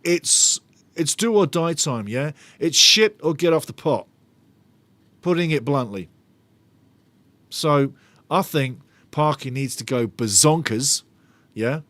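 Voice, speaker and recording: A man's voice: fairly high pitch, expressive, slow pace, long pauses, a bit bright, dry recording. A middle-aged man hosting a live football watch-along, chatting and bantering as he reads out viewer comments with a jokey, sarcastic streak. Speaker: fan channel host of a match watch-along. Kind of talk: live-stream chat and match talk.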